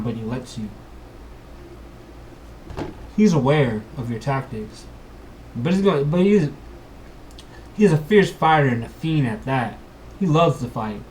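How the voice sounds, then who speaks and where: Lively, casual male storyteller running a game. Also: mid-range voice, measured pace, long pauses, a little hiss or hum. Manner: casual slang, dramatic storyteller. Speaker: dungeon master and vlogger. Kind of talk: improvised fantasy narration for a vlog.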